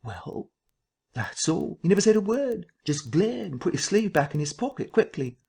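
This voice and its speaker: A man voicing a jittery middle-aged man who recounts a fright, breathless and rising into shrill excitement. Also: normal speed, vocal fry, husky, heavily acted. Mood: frightened.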